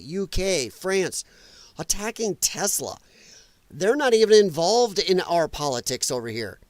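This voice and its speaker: A man's voice: sits high, dry recording. A man hosting a live political commentary show, ranting in an exasperated, mocking and profane way. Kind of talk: live solo political rant.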